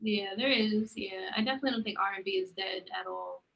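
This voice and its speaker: The audio is dull, carrying a young woman's fast, medium-pitched voice with vocal fry. She co-hosts a casual podcast chat, an animated storyteller who acts out the lines she quotes.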